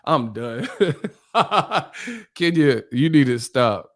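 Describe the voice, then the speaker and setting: A man's voice: on the high side, animated, drawn-out words. A man hosting a boxing livestream, chatting casually with his chat, joking and swearing, laughing often and mimicking voices. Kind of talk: casual livestream chat reading viewer comments.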